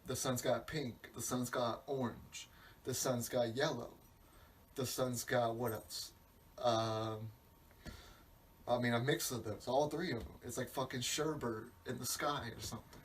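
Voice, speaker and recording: Fairly even in intonation and a little slow, this mid-range male voice belongs to a podcast host riffing through a comic monologue. He swears, wanders off topic, and cuts himself off mid-sentence, recorded on a distant mic with faint background hiss.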